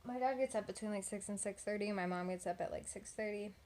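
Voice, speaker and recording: Speaking quickly in a medium-pitched, darkish voice, this vlogger tells a casual story to her phone camera. She's eighteen, from Texas, at home at night, and rambles with lots of "like" and "um."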